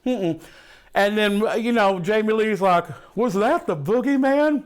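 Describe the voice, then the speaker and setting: In a comic monologue, a man plays a brash, foul-mouthed movie buff excitedly gushing about horror films, rambling loosely with constant swearing and "ain't." His voice sits high, smooth and measured.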